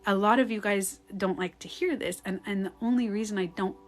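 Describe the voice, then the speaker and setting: A woman coaches on a live stream, chatting casually and replying to comments at a brisk pace in a medium-pitched voice. She's rambling and candid, swears and laughs easily, and sometimes drops to a hush.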